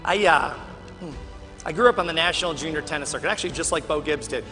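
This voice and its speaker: A man from Chicago giving a keynote speech, telling animated stories and acting out other people's lines in a large convention hall. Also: fairly high pitch, fast talker, music in the background. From Chicago, USA. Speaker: keynote speaker.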